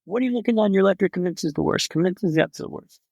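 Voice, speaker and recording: Gravelly, vivid storytelling man. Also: high voice, racing, darkish tone, no room sound. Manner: vivid, dramatic storyteller with wry humor. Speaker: podcast guest. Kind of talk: storytelling in a conversation.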